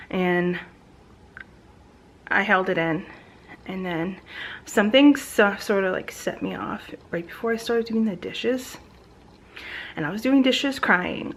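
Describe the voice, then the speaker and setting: A woman's voice: mid-range voice, fairly bright tone, slight background noise, poor audio. A woman in her thirties gives a casual pregnancy update straight to her camera at home. She rambles along in a chatty way, full of ums, likes and restarts, her voice recorded close on the camera. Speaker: vlogger.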